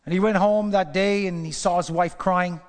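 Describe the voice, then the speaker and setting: A man's voice: high voice, fairly even intonation, normal speed. Impassioned preacher man in a big reverberant hall. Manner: passionate preaching, swinging from loud calls to hushed whispers. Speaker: pastor. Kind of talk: sermon. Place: church.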